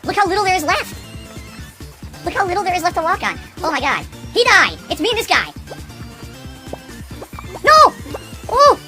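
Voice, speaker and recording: High-pitched, fast woman game streamer who yelps and swears, over clear music. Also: big pitch swings, pushed and bright. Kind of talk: live gameplay streaming.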